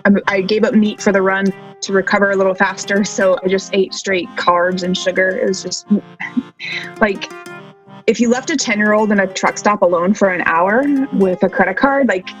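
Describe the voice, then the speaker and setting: A woman's voice: medium pitch, steady tone, normal speed, soft background music, rough recording. A woman runner talking casually as an interview guest, chatty and self-deprecating, filling her speech with "like". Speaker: long-distance runner guest.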